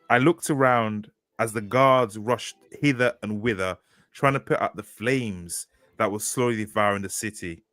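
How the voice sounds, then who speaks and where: A man's voice: lowish voice, a bit bright, no echo, clean studio sound. A man, an author co-hosting a podcast, narrating an improvised story with crude jokes and laughing asides.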